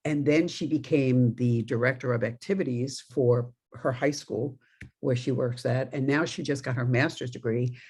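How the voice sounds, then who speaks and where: A woman's voice: very deep voice, steady tone, normal speed, a little mellow, slightly rough. A middle-aged woman minister from New York giving a conversational sermon, telling stories with laughing asides. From New York, USA.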